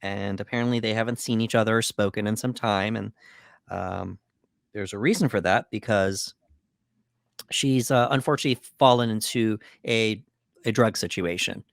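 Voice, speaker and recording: A man co-hosting a podcast, recapping a movie plot in an unhurried way with frequent "uh" and "um". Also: lowish voice, gravelly, no room sound, clean studio sound. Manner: measured recapping with fillers like uh and um. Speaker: podcast co-host.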